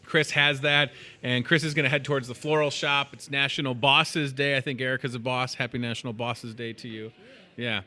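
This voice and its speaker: Bright joking male local TV host. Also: medium pitch, fairly even intonation, brisk. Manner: joking, self-mocking, chatty. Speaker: store TV show host. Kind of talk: live local TV chat.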